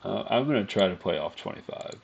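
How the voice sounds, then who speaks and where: A man streaming his own live trading session, talking to viewers, swearing often and muttering to calm himself between trades. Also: low voice, fairly quick, gravelly, dull audio. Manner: calms himself down out loud.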